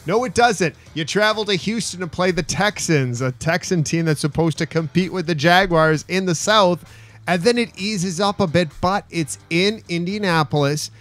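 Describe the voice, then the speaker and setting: A man with a fairly high voice co-hosts a sports radio show, and faint music plays under his talk. He wisecracks and adds quick asides through the banter. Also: a bit bright. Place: radio studio.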